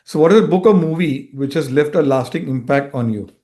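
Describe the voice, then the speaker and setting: A man hosts an interview show in a fairly high voice. He fires off brisk questions and delivers a scripted closing. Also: warm tone. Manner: brisk quick-fire questions. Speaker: show host. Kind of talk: interview hosting, scripted outro.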